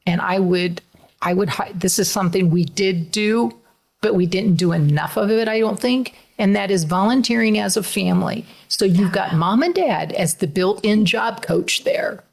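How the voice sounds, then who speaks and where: A woman's voice: on the low side, a little slow, creaky. A middle-aged woman, a mother co-hosting a podcast, talking in an earnest, emotional, conversational way. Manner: earnest, emotional, laughs through tears.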